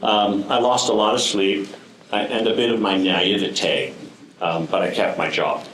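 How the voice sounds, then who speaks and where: A man's voice: fairly low pitch, steady tone, unhurried, fairly bright tone, reverberant, a little hiss or hum, rough recording. A man giving a prepared speech to a live audience, telling stories with dry, wry humor and frequent ums. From United States. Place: room with an audience.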